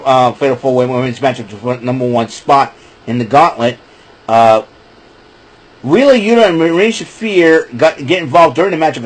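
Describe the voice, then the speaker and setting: A man's voice: a little high, slightly rough, rough recording. Chatty man recapping wrestling. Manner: rambling, chatty, breaks into laughing fits. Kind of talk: casual wrestling recap podcast.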